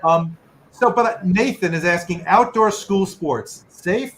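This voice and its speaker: A man's voice: high-pitched, takes it slowly, fairly bright tone, slight background noise. A middle-aged man, a medical correspondent co-hosting, chatting casually on a video call and reading donations aloud with joking asides.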